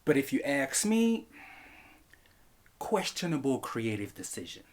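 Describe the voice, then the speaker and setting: A man reviewing a film in a comedic vlog, animated and profane, laughing often. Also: medium pitch, unhurried, a little hiss or hum.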